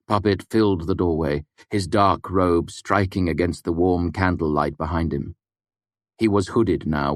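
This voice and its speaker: A man narrating a fantasy audiobook with expressive storytelling. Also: deep voice, no echo, clean studio sound.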